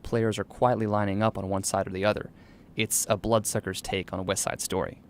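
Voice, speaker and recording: A man narrating a scripted radio news feature as a reporter, in a measured, even delivery. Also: on the low side, slight background noise.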